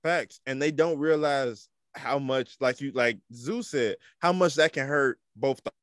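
A man's voice: medium pitch, a little slow, a bit bright, no echo, clean studio sound. A man co-hosting a podcast, joking playfully in casual chat. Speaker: podcast co-host.

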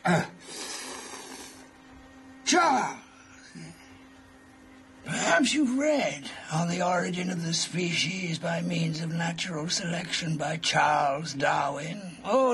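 An actor playing an older, drunken and pompous adventurer who talks in a florid, theatrical way and slips into song. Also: male voice, a little high, lively intonation, takes it slowly, long pauses, a bit bright, exaggerated voice. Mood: rambling. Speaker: wandering adventurer. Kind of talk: film drama acting.

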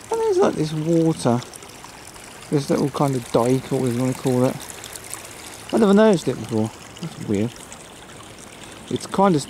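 British man, casual vlog, rambling, self-deprecating, middle pitch, camera mic outdoors, faint nature noise. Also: mellow. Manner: rambling, self-deprecating, mutters asides to himself. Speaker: vlogger. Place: outdoors on flooded rural trails in winter.

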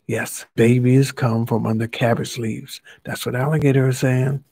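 A man's voice: medium pitch, flat delivery, normal speed, hardly any pauses, darkish tone, breathy edge, no echo. A man reading a children's story aloud as a Bible study teacher, playfully stopping to ask the listener questions.

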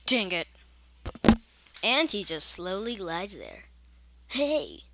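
A woman's voice: mid-range voice, very animated, slow, heavy background noise. A young woman casually commenting on a game as she plays it, chatty and grumbling, with mock-scared asides. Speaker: gaming channel host.

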